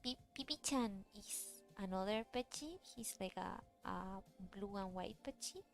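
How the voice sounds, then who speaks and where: A woman's voice: mid-range voice, lively intonation, unhurried, creaky, faint music behind. A woman chatting casually while she draws, rambling with many fillers and restarts. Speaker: VTuber artist streaming a drawing session. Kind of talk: casual chat while drawing.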